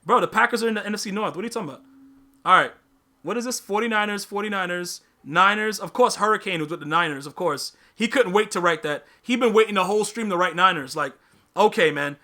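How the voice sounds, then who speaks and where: A man's voice: high-pitched, fast talker, sharp tone. A man hosting a live podcast stream, chatting casually with his viewers, using slang, repeating himself and teasing the chat.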